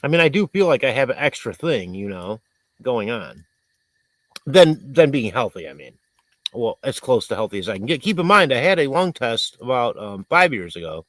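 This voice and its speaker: A man's voice: medium pitch, very animated, moderate pace, a bit bright, no room sound. A man hosting a livestream, rambling in casual chat and reading viewers' comments aloud, congested and coughing. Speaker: livestream host.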